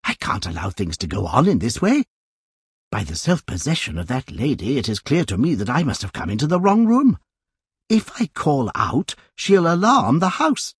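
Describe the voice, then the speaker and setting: A man voicing a flustered, modest elderly gentleman who frets anxiously. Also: fairly high pitch, sing-song, moderate pace, gravelly, hardly any pauses, husky, no echo, clean studio sound, pitched above the performer's own voice, exaggerated voice. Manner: anxious, fretful exclamations.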